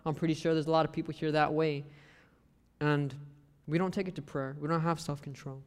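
A man's voice: a little high, level tone, a little fast, smooth. A young man giving a casual sermon, mixing scripture with joking stories about his family. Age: young adult. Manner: conversational, joking asides, acts out family quotes. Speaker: lay preacher. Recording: long reverb of a hall.

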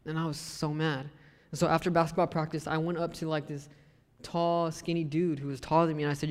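A man's voice: fairly high pitch, a little fast. A man preaching in a church, his slightly raised voice trailing off into a long hall echo. He tells personal stories with life and acts out the people in them. The setting is a sermon. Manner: lively storyteller who acts out the people he quotes.

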